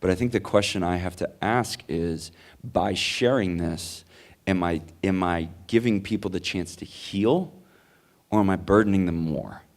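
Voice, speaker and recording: Low-voiced male speaker, earnest and rambling Q&A answers, lots of "like"s. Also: measured pace. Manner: earnest, rambling, many likes and restarts. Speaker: conference speaker. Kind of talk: Q&A answer, storytelling. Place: conference hall.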